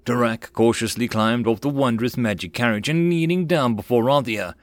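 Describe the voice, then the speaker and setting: A man's voice: medium pitch, moderate pace, few pauses, dry recording, clean studio sound. Plain-voiced male audiobook narrator.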